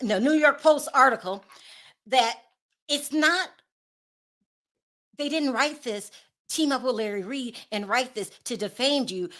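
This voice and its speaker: A woman's voice: sits high, a bit bright. Sassy, laughing woman vlogger. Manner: sassy, sarcastic, laughing asides. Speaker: commentary vlogger. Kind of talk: casual gossip commentary.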